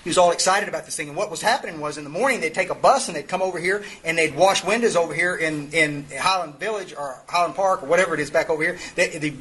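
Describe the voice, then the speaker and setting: Guy rambling through a story at a meeting, earthy, keeps restarting, voice a bit high. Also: fast, few pauses, a bit bright, a little hiss or hum, poor audio. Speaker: speaker at a twelve-step recovery meeting. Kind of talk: folksy storytelling talk.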